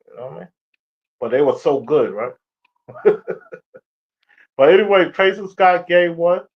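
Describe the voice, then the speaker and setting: A young man ranting about basketball in a casual stream, profane and trash-talking. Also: on the high side. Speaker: sports streamer. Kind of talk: casual sports rant. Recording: dull lo-fi stream audio.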